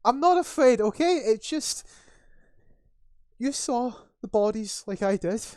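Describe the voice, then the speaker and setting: A man doing a shrill, terrified young guard. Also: expressive, a little slow, a little mellow, smooth, dry recording, clean studio sound. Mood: frightened. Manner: panicky, stammering, high and shrill. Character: frightened young male cave guard.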